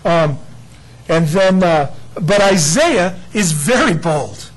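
A man preaching with a husky, slightly high voice. He talks emphatically and with animation, and he jumps into quick voiced asides for God. The sound is a steady sermon delivery. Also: low-quality recording. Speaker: pastor.

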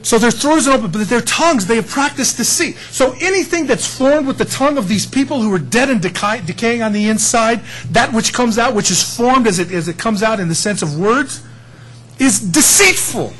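A man preaching a sermon in a conversational way, with audience asides, swinging between quiet remarks and loud emphasis. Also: very high voice, animated, brisk, hardly any pauses, breathy edge, poor audio. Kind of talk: sermon teaching.

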